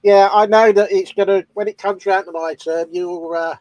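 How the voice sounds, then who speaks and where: A man's voice: high-pitched, steady tone, normal speed, darkish tone, slight background noise, rough recording. A man who banters with his co-host, teasing him and laughing. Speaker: co-host of a model-building livestream. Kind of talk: casual chat.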